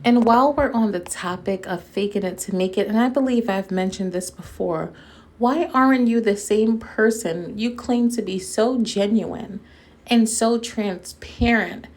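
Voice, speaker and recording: A woman's voice: medium pitch, measured pace, a little mellow. A woman hosting a casual commentary video, talking straight to her audience as friends, with a sarcastic, mocking edge and frequent laughter. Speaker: commentary YouTuber.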